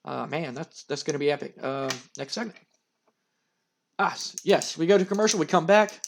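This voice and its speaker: A man casually narrating a wrestling management game, excitable and full of fillers. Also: on the high side, moderate pace, gravelly. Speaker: gamer narrating a wrestling sim.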